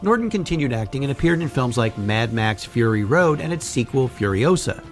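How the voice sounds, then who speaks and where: This is a man narrating his own podcast with a wry, chatty delivery. His pitch moves around in an animated way. Soft music plays quietly behind him. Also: brisk. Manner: wry, conversational, puts on a deep trailer voice at times. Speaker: podcast host.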